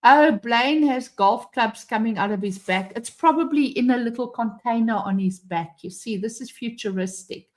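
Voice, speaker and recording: Speaking at a moderate pace with hardly any pauses, this slightly high-voiced woman has a South African English accent. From home, with the front door open, she hosts a relaxed live stream, chatting, laughing often, and reading out the chat.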